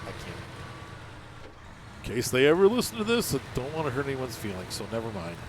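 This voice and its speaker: Brief: gaming host, stuffy nose, rambling and self-mocking, lively pitch, clear game noise underneath. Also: male voice, fairly quick. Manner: rambling, joking, self-deprecating. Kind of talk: casual let's-play commentary. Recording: game engine and vehicle noise behind.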